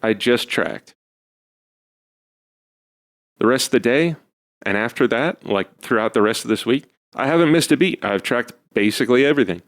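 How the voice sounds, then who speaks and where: A man's voice: medium pitch, normal speed, long pauses. A man co-hosting a casual podcast chat, rambling and self-deprecating with lots of fillers. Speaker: podcast co-host, husband.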